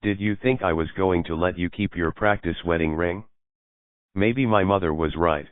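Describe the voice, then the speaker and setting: A man's voice: deep voice, normal speed, clean tone, dry recording, lightly acted. A man voicing a defensive, evasive young man who sounds exasperated. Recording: dry, phone-like lo-fi audio.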